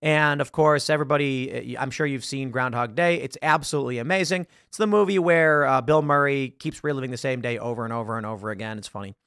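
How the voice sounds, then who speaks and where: A man's voice: mid-range voice, fast talker, hardly any pauses, a bit bright, clear, resonant tone, dry recording, studio quality. A man hosting a casual talk show, rambling about films while searching online and acting out lines. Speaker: podcast host. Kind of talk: casual commentary.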